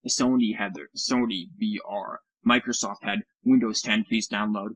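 Low-voiced man in casual gaming chat. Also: fairly even intonation, moderate pace, fairly bright tone, breathy edge, dry recording, poor audio. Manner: rambling, self-correcting, sarcastic. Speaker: podcast co-host.

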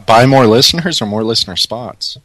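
A man's voice: mid-range voice, fairly quick, a bit bright. A man co-hosting an internet radio chat, sarcastic and blunt. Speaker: co-host.

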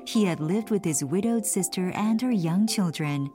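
A woman narrating a storybook in a clear, expressive reading voice. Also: on the low side, moderate pace, over music.

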